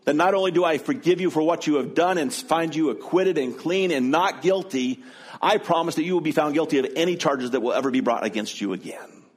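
A man's voice: fairly high pitch, fairly quick, husky. A middle-aged man preaching, telling a personal story in an earnest, conversational way before moving into scripture. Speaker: pastor.

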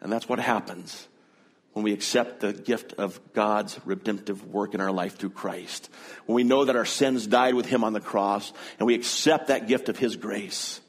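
A middle-aged man preaching, telling a personal story in an earnest, conversational way before moving into scripture. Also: lowish voice. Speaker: pastor.

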